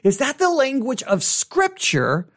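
A man leading a conversational Bible study, halting and restarting, asking rhetorical questions. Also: extremely high pitch, wildly swooping pitch, a bit bright.

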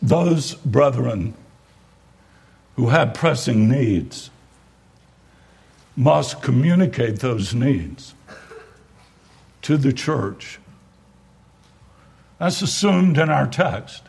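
A man's voice: mid-range voice, animated, extremely slow, gravelly, long pauses, a little mellow, breathy edge. A man preaching a sermon as pastor, driving points home with emphatic repetition and wry asides.

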